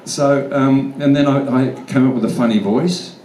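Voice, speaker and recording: A man's voice: medium pitch, steady tone, moderate pace, a little mellow. A man with an Australian accent telling stories in a casual, blunt way, swearing freely as a guest actor at a convention Q&A. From Australian outback. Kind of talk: casual storytelling Q&A answers. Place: large convention hall. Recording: echoey hall, from far off, faint room noise.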